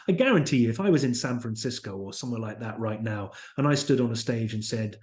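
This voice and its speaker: Guest spot: upbeat British founder, animated storyteller, roomy sound. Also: male voice, medium pitch, fast, few pauses. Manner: enthusiastic, storytelling, acts out quotes. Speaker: company founder, podcast guest. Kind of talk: casual interview chat. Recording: roomy echo.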